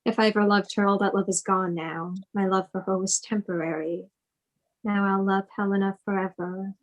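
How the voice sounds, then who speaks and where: A woman's voice: mid-range voice, steady tone, moderate pace, natural voice, rough recording. A teenage girl acting as a jealous, boastful young man spoiling for a duel in a school stage play. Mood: dismissive. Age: teens. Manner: boastful, challenging.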